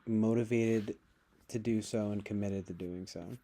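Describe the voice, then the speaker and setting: With a steady, warm tone and a slightly slow delivery, a man reads news on a live stream. He responds with casual sarcasm, often shifting into high, mocking voices.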